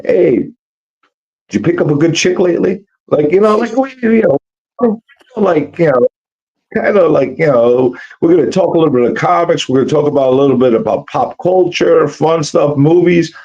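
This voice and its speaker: Tired, husky man, rambling. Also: a little high, normal speed, darkish tone. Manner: rambling, profane, full of restarts and fillers. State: tired, sounds rough from no sleep and cigarettes. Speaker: guest on a livestream. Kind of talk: casual chat. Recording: dull lo-fi stream audio.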